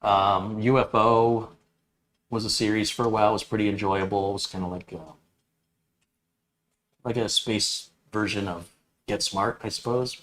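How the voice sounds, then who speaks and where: A man's voice: fairly low pitch, fairly even intonation, moderate pace, pauses often, a bit bright. A man from the Detroit area, co-hosting a casual chat and reminiscing, listing things as they come back to him. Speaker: co-host.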